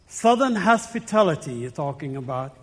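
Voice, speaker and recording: A man's voice: fairly high pitch, big pitch swings, normal speed. A man from the Middle East speaking as guest preacher in a church, earnest and personal, telling stories and chuckling between points. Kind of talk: sermon with anecdotes. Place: church sanctuary. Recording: long church hall reverb.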